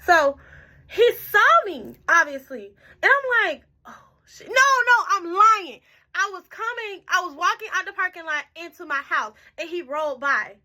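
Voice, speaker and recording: A woman's voice: very high-pitched, expressive, moderate pace, bright, forceful tone. A tipsy young woman telling a storytime in casual, profane chat, jumping around as she goes. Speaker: storytime vlogger.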